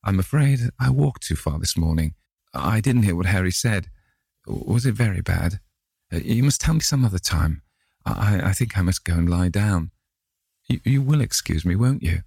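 A man voicing a nervous, haunted young gentleman who stammers anxiously in a read-aloud classic novel. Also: low voice, expressive, normal speed, gravelly, breathy edge, dry recording, studio quality, heavily acted. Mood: faint, shaken. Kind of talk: audiobook character reading.

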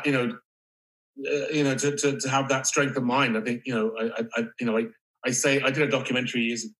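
Halting, reflective male actor. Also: medium pitch, a bit bright, poor audio. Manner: halting and reflective, casual swearing. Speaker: actor guest. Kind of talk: candid interview conversation.

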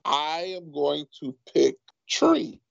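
A gravelly man co-hosts a casual TV recap podcast, steering the talk with a wry, emphatic manner. His voice is mid-pitched and rough. The audio is dry, dull and lo-fi. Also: very animated, slow pace, no room sound. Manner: leads the segment, wry and emphatic. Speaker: podcast co-host.

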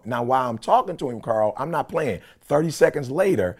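A man's voice: medium pitch, a little fast, slightly rough. A man co-hosting a podcast, telling a long story in casual chat and acting out the people in it. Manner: animated, quoting people in dialogue. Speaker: podcast co-host. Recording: conference call.

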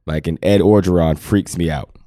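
A man with a deep voice co-hosting a sports podcast, joking and laughing through playful banter. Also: steady tone, normal speed, mellow, no room sound, studio quality. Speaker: podcast co-host. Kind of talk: casual chat.

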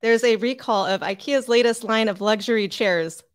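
A woman's voice: fairly high pitch, smooth, natural voice. A woman playing a baby news anchor. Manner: halting, reading the script. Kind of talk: comedic news sketch.

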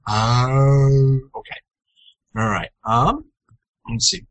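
A young man co-hosting a casual gaming news chat, joking and sometimes jumping into playful high-pitched outbursts. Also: animated, very slow, no echo, poor audio. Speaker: co-host.

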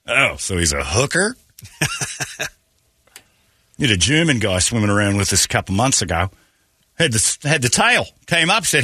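A man hosting a morning radio show, telling jokey stories with loud put-on impressions. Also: medium pitch, sing-song, normal speed, long pauses, slightly rough, no echo, studio quality. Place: radio studio.

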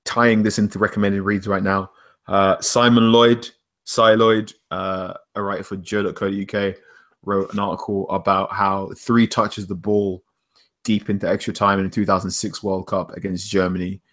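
A man's voice: lowish voice, flat delivery, normal speed, a bit bright. A man co-hosting a casual football podcast, opinionated and chatty. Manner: opinionated, names hero and villain of the week. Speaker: podcast co-host.

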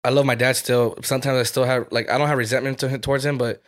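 A man's voice: mid-range voice, flat delivery, fast. A man in his twenties, a podcast co-host, telling a candid personal story with plenty of swearing. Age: 20s. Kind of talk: casual chat.

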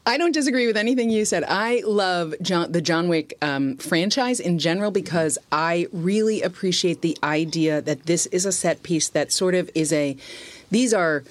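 A woman's voice: on the low side, moderate pace, dry recording. A woman talking through a film on a casual podcast, wandering through her points, correcting herself, and laughing along the way. Her voice is recorded close and dry. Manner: rambling, laughs often, self-correcting. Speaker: podcast co-host.

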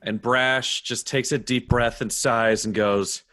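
A man's voice: medium pitch, fairly even intonation, slow pace, bright, forceful tone. A man playing a tabletop game, explaining his moves in easy, chatty talk. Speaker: player. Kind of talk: casual tabletop play.

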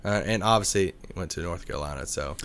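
A man co-hosting a sports podcast, talking earnestly and thinking out loud. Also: low-pitched, fast, clear, resonant tone. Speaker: podcast co-host. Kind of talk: casual sports podcast chat.

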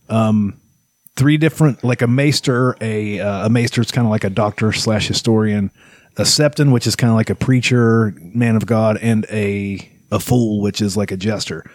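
A man's voice: fairly low pitch, moderate pace, darkish tone, dry recording, clean studio sound. Explaining man in casual chat. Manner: explanatory, many fillers.

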